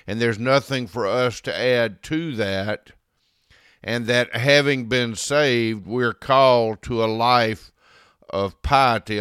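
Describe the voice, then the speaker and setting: Slow, measured male preacher, clear voice. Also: mid-range voice, a bit bright, no echo, clean studio sound. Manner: slow, deliberate preaching with emphatic stresses. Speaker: pastor. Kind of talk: expository sermon.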